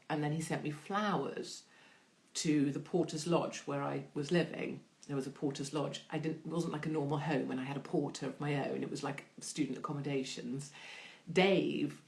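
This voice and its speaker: A woman hosting her own online show in a casual live-stream chat, answering viewer questions in an irreverent, chatty way with free swearing and big jumps in pitch when she reads questions aloud. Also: a little mellow.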